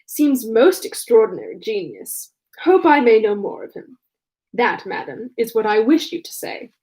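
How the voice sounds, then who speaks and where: A woman doing an arch, teasing young gentleman. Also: fairly high pitch, big pitch swings, normal speed. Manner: mock-formal, then simpering when he affects a pose.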